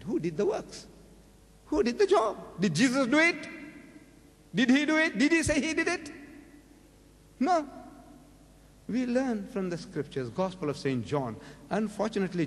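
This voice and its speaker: An older man with a South African accent giving a public lecture on religion, firing rhetorical questions and rising sharply in pitch for emphasis. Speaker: preacher. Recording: lecture hall with long reverb.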